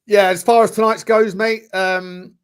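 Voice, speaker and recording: A man's voice: high-pitched, little pitch movement, a little slow, clean tone. Rambling football podcast co-host, a man. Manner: rambling, restarts and slang, jokey. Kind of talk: casual chat.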